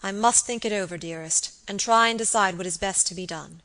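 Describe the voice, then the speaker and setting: A woman's voice: mid-range voice, a little fast, bright, forceful tone. A woman reading the part of a fond, anxious elderly baronet, with earnest, affectionate pleading. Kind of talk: audiobook character reading.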